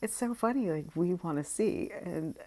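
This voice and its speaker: A woman vlogger in a candid, casual monologue, speaking frankly with frequent laughs and trailing pauses. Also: lowish voice, animated, darkish tone.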